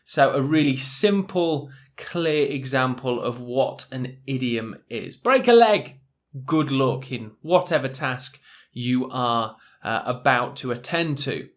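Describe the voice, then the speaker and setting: A man teaching English idioms to learners, saying each phrase slowly and repeating it. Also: medium pitch.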